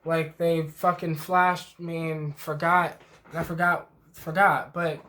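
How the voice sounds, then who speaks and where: A man's voice: on the high side, little pitch movement, slow pace, pushed and bright. A man vlogging a rambling first-person trip report, emotionally stirred and swearing freely with many fillers.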